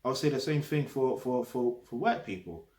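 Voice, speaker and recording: A man with a London accent speaks bluntly and emphatically, checking in with his listener and swearing for emphasis. His voice sits at an ordinary middle pitch. The room around him rings with a noticeable echo. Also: expressive, moderate pace, a little mellow. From London, England. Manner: blunt, emphatic, peppered with tag questions and swearing. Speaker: vlogger. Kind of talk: casual direct-to-camera talk. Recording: roomy echo.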